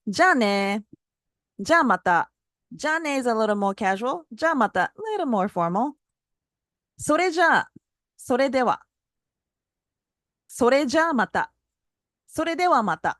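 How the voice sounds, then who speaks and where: Woman teacher, casual lesson delivery, bouncy pitch on examples, dry close sound. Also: a little slow, pauses often, no room sound. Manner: models phrases with lively pitch jumps, laughs lightly. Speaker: Japanese language teacher.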